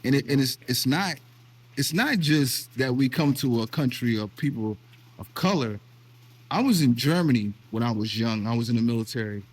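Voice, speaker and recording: A middle-aged man from the United States talks through personal stories in a casual chat. His pitch sits in an ordinary middle range. He speaks earnestly and with feeling, often restarting his sentences. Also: lively intonation, moderate pace, slightly rough. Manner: earnest storytelling, emotional, with repeated restarts. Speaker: vlog host. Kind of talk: casual conversation.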